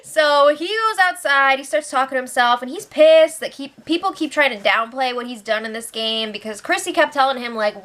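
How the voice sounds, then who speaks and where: A woman with a high, bright voice hosts a casual recap, chatting to the camera. She giggles often and slips into quick impressions of the people she talks about. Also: expressive. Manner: chatty and giggly, acting out what others said. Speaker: host of a reality show recap channel.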